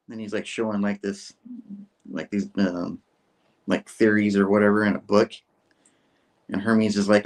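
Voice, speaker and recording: A man's voice: fairly low pitch, little pitch movement, moderate pace, pauses often, rough recording. A man co-hosting a casual show, loosely retelling a comic story with lots of fillers. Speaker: co-host reading a comic aloud. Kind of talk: casual podcast chat, recapping a comic.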